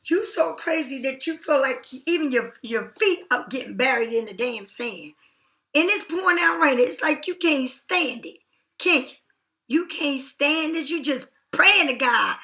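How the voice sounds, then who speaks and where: High, bright woman tarot reader, blunt and profane, echoey room. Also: a little slow. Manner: blunt, profane, animated, talks straight to the viewer. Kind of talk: casual tarot reading to camera.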